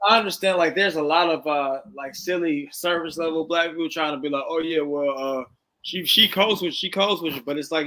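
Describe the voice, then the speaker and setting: A man joining a livestream as a guest, talking in an animated, opinionated way. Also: fairly high pitch. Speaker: stream guest. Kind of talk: casual livestream chat.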